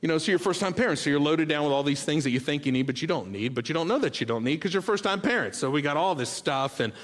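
A man delivers a sermon in a slightly high voice, spinning family anecdotes. He jumps into loud, animated retellings, then sinks into quiet, earnest appeals. His words ring out with the long reverb of a big hall. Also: fast. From Bahamas. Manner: storytelling, swings from loud animated bursts to hushed earnest tones. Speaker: preacher.

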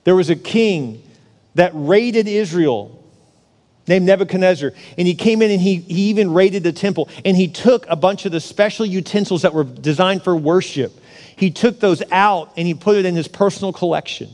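A man preaching a sermon in a church sanctuary, his voice sitting high for a man. He is an animated preacher who acts out the story as he goes. The sound rings out with a long hall reverb. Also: normal speed. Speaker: pastor.

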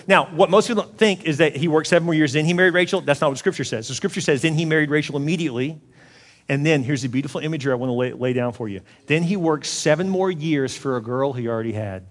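A man in his forties preaching a sermon as a pastor, telling the story in an animated way and acting out the voices. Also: on the high side, fairly quick, in a large hall. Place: church auditorium.

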